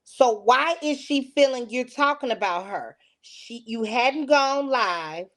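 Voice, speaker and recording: A woman's voice: a little high, expressive, slow. A woman hosting a talk show, stepping in to ask pointed follow-up questions of her guests. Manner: steers the talk with probing questions. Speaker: host.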